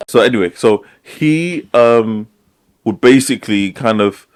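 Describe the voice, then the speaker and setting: A man's voice: medium pitch, a little slow, smooth. A man with a mid-range voice talks casually on a podcast. He rambles, circles back, and restarts his sentences as he thinks aloud. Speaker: podcast co-host. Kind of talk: casual chat.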